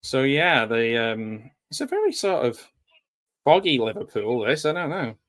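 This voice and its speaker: A man's voice: medium pitch, very animated, a little slow, a bit bright. A man giving a casual, rambling live commentary while watching a movie, drifting into nostalgic asides. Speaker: film commentator.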